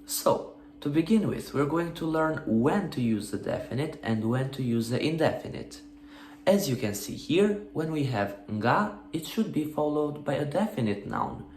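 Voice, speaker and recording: A man talks through a grammar lesson at a steady, patient pace, checking in with rhetorical questions. His voice sits at a middling pitch and rings around an echoey room, with a faint hum behind him. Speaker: language teacher.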